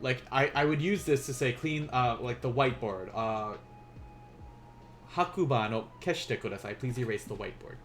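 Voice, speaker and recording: A man's voice: medium pitch, normal speed, a bit bright, slight background noise. A young man teaching a casual beginners' language lesson on a live stream, playful and chatty, often laughing at his own asides.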